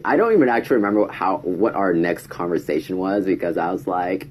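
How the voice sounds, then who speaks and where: Casual storyteller, male, deep husky voice, chatty delivery that acts out quoted lines. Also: a little fast, few pauses, a little mellow. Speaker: vlogger.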